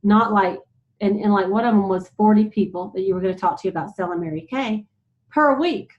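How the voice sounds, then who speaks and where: A woman leading a motivational sales team talk, chatty and animated, retelling stories with lots of "you know"s. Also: medium pitch, a little fast. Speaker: sales director speaking to her team. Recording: slightly dull lo-fi sound.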